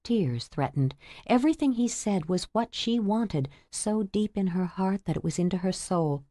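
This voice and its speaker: A woman narrating a romance novel audiobook in a measured, intimate storytelling manner. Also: medium pitch, animated, dark tone, no echo, studio quality.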